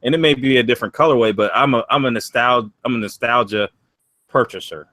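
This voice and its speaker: A man's voice: medium pitch, bright, forceful tone, no room sound, rough recording. A man co-hosting a sneaker podcast, talking hesitantly and restarting his phrases. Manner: hesitant, halting. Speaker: podcast co-host. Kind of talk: casual chat.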